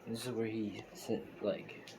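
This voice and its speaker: Brief: low-voiced man, rambling fan-story narration, noisy phone recording. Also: flat delivery, a little slow, creaky. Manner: loose, filler-heavy retelling.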